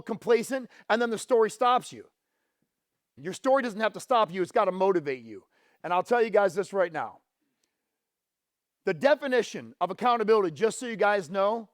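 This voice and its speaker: A man with a high voice gives a motivational keynote on a conference stage. He mixes confessional stories with direct questions to the audience. The sound is close and dry, and his voice sinks low on painful moments and climbs when he pushes the crowd. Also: no room sound. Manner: drops low and quiet on painful memories, rises and speeds up when fired up. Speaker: motivational speaker.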